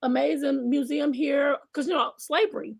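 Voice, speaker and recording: A woman from the American South who hosts a talk show and pastors a church. She chats casually on a live stream, animated and exclamatory, reading out viewer comments. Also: sits high, moderate pace, gravelly.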